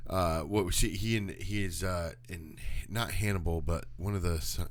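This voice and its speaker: A man's voice: low voice, steady tone, normal speed. A man co-hosting a podcast in casual chat, talking hesitantly with many fillers and restarts. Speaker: podcast co-host.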